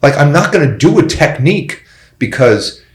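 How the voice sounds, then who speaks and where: A man's voice: on the high side, normal speed. A middle-aged man, a plastic surgeon guest, talking bluntly and with feeling in a casual podcast conversation. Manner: blunt, animated, opinionated.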